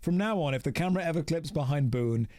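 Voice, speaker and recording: A man's voice: a little high, expressive, fast, darkish tone, dry recording. An Englishman with an English accent, casually commentating his game stream in a joking, self-mocking way.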